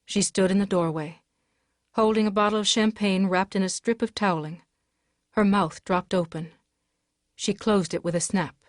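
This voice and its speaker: Casting: woman, mid-pitched, steady audiobook narrator, dry close recording. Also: normal speed, no echo. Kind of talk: dramatic audiobook reading.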